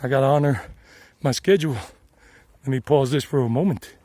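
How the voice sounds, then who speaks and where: A man's voice: medium pitch, a little fast, mellow, dry recording. A middle-aged man with a Southern US accent narrates his hike in a chatty, meandering way and sweats from the climb. He records on a handheld phone outdoors on a mountain trail. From South Carolina, United States. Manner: chatty, meandering, repeats himself. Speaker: travel vlogger and English teacher. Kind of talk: casual rambling narration while hiking.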